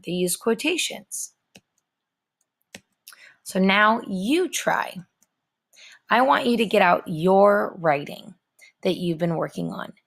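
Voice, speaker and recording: A woman teacher giving a recorded writing lesson to her students in a clear, instructive and repetitive way. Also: medium pitch.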